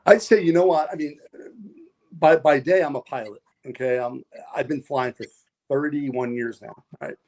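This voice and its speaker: A man's voice: medium pitch, moderate pace, darkish tone. A man, a guest on a podcast, telling long stories in a rambling way with many fillers and repeated words. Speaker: podcast guest, wrestler and pilot. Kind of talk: casual storytelling interview.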